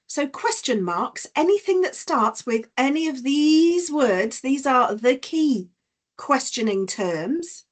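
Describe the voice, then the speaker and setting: A woman's voice: high-pitched, lively intonation, slow pace. A woman teacher giving an online punctuation lesson, explaining patiently with examples over a video call.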